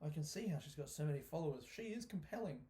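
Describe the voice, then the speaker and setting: A man, a comedian, talking through a casual solo podcast monologue in an animated, sweary way, often laughing. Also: a little high, very fast. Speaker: stand-up comedian hosting his own podcast.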